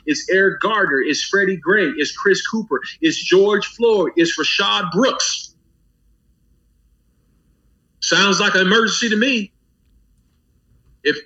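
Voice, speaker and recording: A man with a bright, high voice speaks with a preacher's cadence, stacking phrases in rhythmic runs and lifting his emphasis as he goes. The audio is dull and lo-fi, with a muffled top end. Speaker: pastor. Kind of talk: impassioned guest commentary on a talk program.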